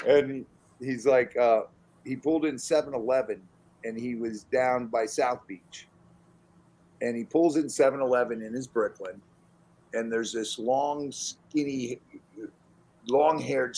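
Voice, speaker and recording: A man spinning long stories in casual conversation. He talks with animated energy and slips into the voices of the people he quotes, breaking into laughter along the way. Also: mid-range voice, husky. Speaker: podcast guest telling stories. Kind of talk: casual storytelling chat.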